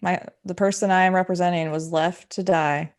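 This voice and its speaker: A woman's voice: lowish voice, fairly even intonation, moderate pace, a little mellow, close to an everyday voice. A woman playing a cryptic, terse party guest in a tabletop role-play. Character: brooding woman in a grim costume.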